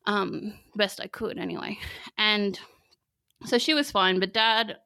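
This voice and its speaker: A woman's voice: mid-range voice, unhurried, sharp tone, smooth, no echo. A young woman with an Australian accent, a podcast guest speaking candidly in casual conversation, laughing often and filling her sentences with "like". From country Victoria, Australia. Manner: chatty, laughs often, fills with "like".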